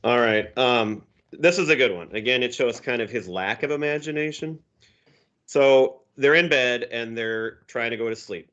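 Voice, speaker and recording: A man's voice: mid-range voice, normal speed, fairly bright tone, highs cut off. A man co-hosting a podcast, a teacher, casually reading comic strips aloud and chuckling as he explains them. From Minnesota. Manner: easygoing, chuckling storyteller.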